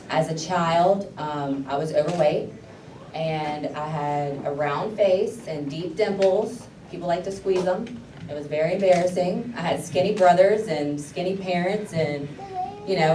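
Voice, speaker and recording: A woman's voice: low-pitched, darkish tone, slight background noise. A woman from Louisiana, a pageant contestant, giving an earnest, heartfelt motivational speech with frequent ums. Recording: roomy hall from a distance.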